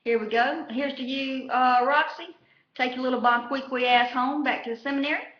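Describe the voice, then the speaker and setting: This reality-show vlogger has a high-pitched voice with fairly even intonation and a moderate pace. Her casual recap wanders and curses, heavy on fillers, and the audio is echoey and lo-fi.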